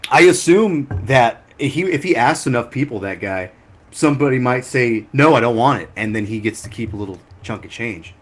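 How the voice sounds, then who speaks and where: A man's voice: medium pitch, expressive, moderate pace. A man co-hosting a podcast, telling rambling anecdotes in casual chat and laughing often. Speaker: podcast co-host.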